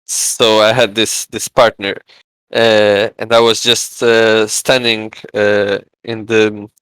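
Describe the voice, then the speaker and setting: Halting, smooth-voiced Portuguese-accented man. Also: fairly low pitch, flat delivery, a bit bright, no echo, poor audio. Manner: halting, many "uh" fillers, acts out quoted voices. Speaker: podcast guest. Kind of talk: casual storytelling chat.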